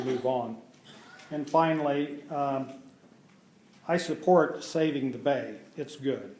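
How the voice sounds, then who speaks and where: A man giving public comment at a hearing, halting with many filler pauses. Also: medium pitch, a little mellow, a little hiss or hum. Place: public meeting room. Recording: roomy echo of a meeting hall.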